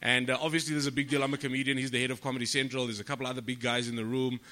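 Comic on a podcast, bright edgy voice, acts out his quotes. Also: mid-range voice, racing. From South Africa. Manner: animated storyteller, swears freely, acts out quotes. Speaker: comedian guest. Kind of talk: storytelling podcast chat.

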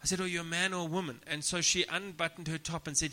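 A man's voice: fairly high pitch, steady tone, quick pace, sharp tone, a little hiss or hum. A man, a comedian guest, telling crude, self-deprecating stories on a casual podcast and often laughing as he talks. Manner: laughs through his own stories.

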